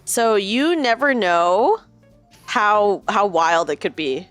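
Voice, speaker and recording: A woman's voice: medium pitch, takes it slowly, soft background music. A woman from the United States hosting a stream, reading stories aloud and chatting with a lot of laughter. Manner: laughs often, animated storytelling. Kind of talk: casual chat and reading aloud.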